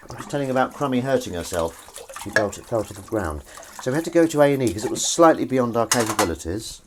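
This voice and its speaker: A man with a medium-pitched, expressive voice talks fast while washing dishes on a live stream, chatting casually, rambling, and teasing his viewers. Running water and clattering dishes are audible behind him, along with background noise.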